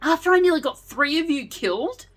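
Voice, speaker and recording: A woman's voice: medium pitch, very animated, moderate pace, fairly bright tone. Brooding young leader, guilt-ridden, read by a woman. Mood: anguished. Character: troubled young male leader knight.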